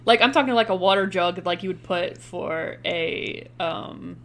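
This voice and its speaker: A young woman co-hosts a podcast, loosely recapping a movie in casual chat with frequent laughter and the odd swear word. Her voice is lowish and measured in pace, with a little hiss or hum in the background.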